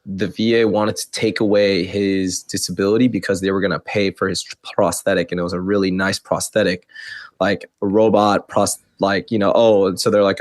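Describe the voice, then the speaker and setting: A man's voice: fairly low pitch, fairly quick, no room sound, clean studio sound. A man speaking as a guest on a talk show, explaining plainly and earnestly. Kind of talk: casual chat.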